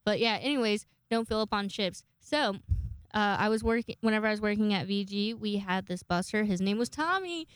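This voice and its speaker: A woman's voice: mid-range voice, fairly quick, smooth, dry recording. A young woman hosting a casual show, telling rambling stories with lots of swearing and self-mockery. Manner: rambling, profane, self-mocking. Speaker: podcast host. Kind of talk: casual storytelling chat.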